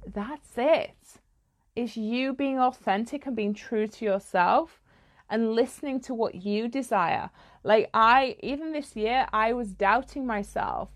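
A woman's voice: fairly high pitch, takes it slowly. A woman, a spiritual coach giving a blunt, casual podcast monologue, swearing freely and laughing mid-sentence.

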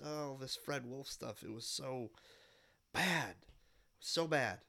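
A Midwestern man in his thirties hosts a podcast while fighting a cold, speaking at a medium pitch with a pushed, bright voice. He talks slowly, leaving long pauses, and drifts through a casual, nostalgic monologue packed with fillers and restarts.

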